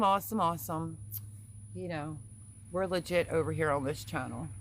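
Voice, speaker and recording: A woman's voice: low-pitched, normal speed, slight background noise. A middle-aged woman hosting a casual livestream, chatty and giggly, reading viewer names aloud. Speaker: livestream host reading chat. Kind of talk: casual live chat.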